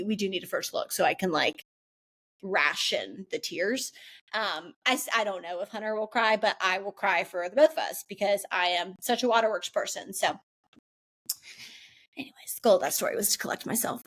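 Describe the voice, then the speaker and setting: A young woman hosting a casual faith-based podcast, chatty and animated, with many "like" fillers. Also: medium pitch. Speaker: podcast host.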